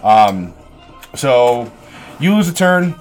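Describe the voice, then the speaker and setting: A man's voice: mid-range voice, extremely slow, soft background music. Chuckling game master man. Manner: relaxed, chuckling, frequent ums. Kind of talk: narrating a tabletop game.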